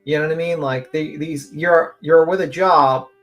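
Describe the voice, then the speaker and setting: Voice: medium pitch, fairly even intonation, moderate pace, a bit bright, faint music behind. A speaker in a played clip, chatting casually and asking incredulous questions.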